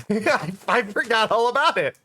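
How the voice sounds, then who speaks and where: Male streamer, lively up-and-down voice, rambling casual chat at a desk mic. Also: high-pitched, measured pace. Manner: rambling, swearing, laughs often. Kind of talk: casual live-stream chat while gaming.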